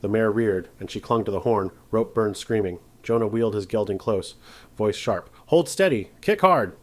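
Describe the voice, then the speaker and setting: A man giving a measured, dramatic scripted narration of a story. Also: fairly low pitch, fairly even intonation, a little mellow.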